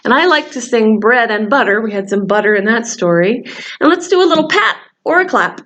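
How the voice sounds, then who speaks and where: A woman librarian leading a children's story time, reading aloud with lively expression and singing a simple goodbye song. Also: on the high side, brisk. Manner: animated storytelling, sings a call-and-response song.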